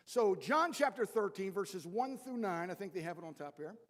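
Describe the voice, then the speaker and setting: A man preaching a sermon in a relaxed, joking, conversational way, reading scripture and acting out the people in it. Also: sits high, normal speed. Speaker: pastor. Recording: echoey hall with long reverb.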